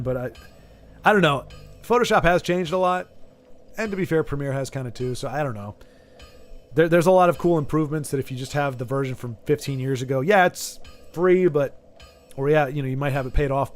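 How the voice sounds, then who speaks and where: A man hosting a gaming video, chatting casually while he plays and thinking aloud through long, rambling asides. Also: a little high. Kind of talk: casual chat while playing a game.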